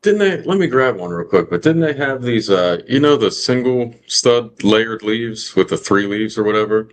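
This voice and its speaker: A man co-hosting a livestream, chatting in a relaxed, easygoing way. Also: medium pitch, normal speed. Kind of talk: casual chat.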